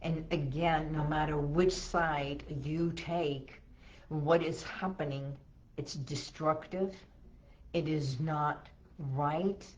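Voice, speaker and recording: Woman podcast host, deep-toned and slow-paced, gentle coaching delivery. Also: steady tone, highs cut off. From Los Angeles area, USA. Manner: slow, soothing, coaching with emphatic repetitions. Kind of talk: solo wellness talk, guiding techniques.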